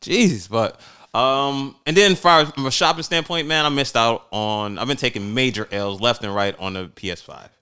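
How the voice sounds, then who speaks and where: A young man co-hosting a casual chat, telling stories in relaxed slang and laughing easily. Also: mid-range voice, moderate pace, clean tone.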